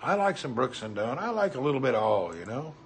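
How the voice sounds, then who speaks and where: A man's voice: mid-range voice, sing-song, fast, a little hiss or hum. A man with a Southern US accent, chatting casually on a livestream, reading viewer comments and greeting people by name in a folksy way. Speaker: livestream host.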